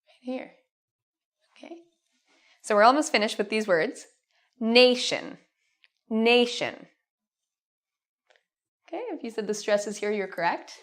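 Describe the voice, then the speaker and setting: A woman teaching a pronunciation lesson, stretching out model words slowly and clearly for learners. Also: mid-range voice. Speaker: English teacher.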